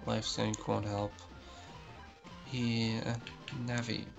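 A man's voice: on the low side, level tone, slow pace, creaky, lo-fi sound, music in the background. A young man commentating his own gameplay, frustrated, swearing and muttering to himself. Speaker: let's play host.

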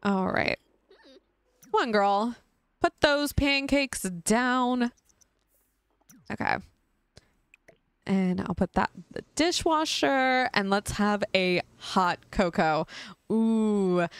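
A woman's voice: mid-range voice, lively intonation, slow pace, long pauses, smooth, no echo. A young woman casually chatting and giggling as she narrates her life-sim game for her channel. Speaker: gaming YouTuber. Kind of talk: casual Let's Play commentary.

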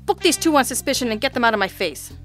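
A woman voicing a loud, sarcastic male police lieutenant who barks and bellows in exasperation. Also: a little high, animated, fast talker, soft background music, voice pushed up, close to an everyday voice. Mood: angry, bellowing. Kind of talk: audiobook character reading.

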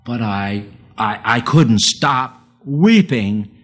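An older man from the Northeast preaching a sermon, folksy and self-deprecating, telling a personal story with sudden high, emphatic bursts. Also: lively intonation, very slow. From United States.

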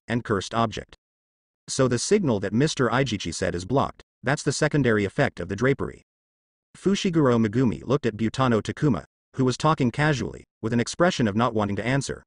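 A male narrator reads a translated fan novel aloud with a lively, swinging pitch. His delivery is steady and unbroken, with no slips or fillers. The voice sits close and dry, with no room sound around it. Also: no echo.

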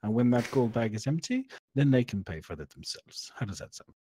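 A man voicing a boastful adventurer in a halting, put-on Viking accent, flirting with a barmaid. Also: mid-range voice, sing-song, warm tone, a little hiss or hum, natural voice. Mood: generous.

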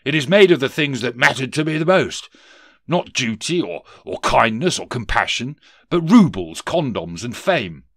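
A man voicing a bumbling, pompous male ghost in chains, loud and stammering. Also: mid-range voice, big pitch swings, moderate pace, no echo, clean studio sound, pitched above the performer's own voice. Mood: blustering.

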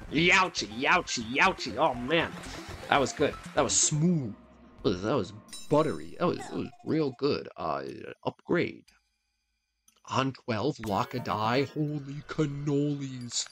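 A man's voice: medium pitch, gravelly. A man giving playful gameplay commentary, talking directly to his viewers. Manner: playful, talks to viewers, animated. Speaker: let's play host.

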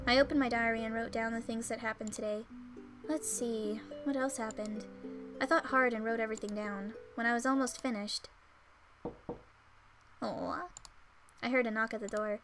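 Woman Let's Player, high voice, emotional reactions, home mic, game music behind. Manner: emotional, swearing, teary reactions. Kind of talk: reading a visual novel aloud with reactions. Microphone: home microphone.

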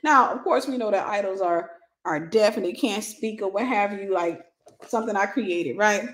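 A middle-aged woman giving a lively, conversational sermon, acting out little scenes and laughing as she teaches. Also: medium pitch, moderate pace. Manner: animated, acts out gossip with voices, laughs. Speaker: Christian teacher.

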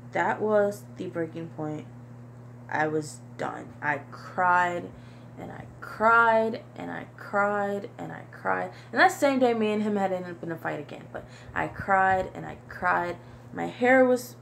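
A young woman vlogger talking to camera in a halting, repetitive, soft-spoken confessional monologue. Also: mid-range voice, creaky, slight background noise. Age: young adult.

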